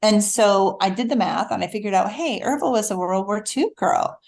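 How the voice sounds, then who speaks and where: Animated woman telling a story. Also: medium pitch, moderate pace, vocal fry. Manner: animated storyteller, acts out quoted voices. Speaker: author guest. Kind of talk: storytelling in casual chat.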